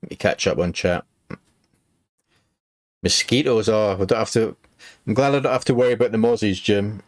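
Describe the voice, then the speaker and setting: A man with a Glaswegian accent chats casually with his livestream viewers, swearing now and then. His voice sits slightly low and his tone is loose and talkative. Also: normal speed. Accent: Glaswegian Scottish. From Scotland. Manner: chatty, swears, talks to chat. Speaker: game streamer.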